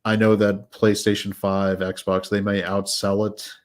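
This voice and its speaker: Deep, flat-voiced man chatting casually. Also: a little slow. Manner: rambling, many fillers and restarts. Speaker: podcast host. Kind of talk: casual chat reviewing films.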